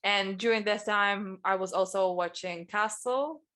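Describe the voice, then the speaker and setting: A woman co-hosting a casual podcast chat. Her pitch sits in the middle, and her talk is loose and easygoing. She rambles and often trails off mid-thought as she searches for what to say. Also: measured pace, fairly bright tone. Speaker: podcast co-host.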